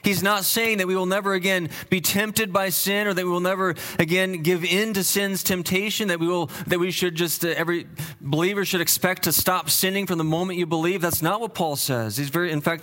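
A male pastor preaching a sermon, teaching earnestly with frequent restarts and fillers, dropping low and slow to stress key points. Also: bright, forceful tone. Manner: drops low and slow for emphasis.

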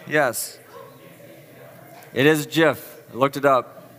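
A pastor preaches to a live audience in a church hall, with the long reverb of a large space. His mid-range voice is steady, slow, and a bit bright as he stays chatty and self-deprecating, quizzing the crowd in a playful word game.

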